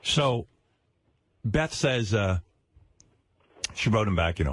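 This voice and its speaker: A man's voice: sits low, big pitch swings, a little slow, pauses often, husky, no echo. A middle-aged man hosting a radio talk show, wry and teasing in his banter. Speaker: host.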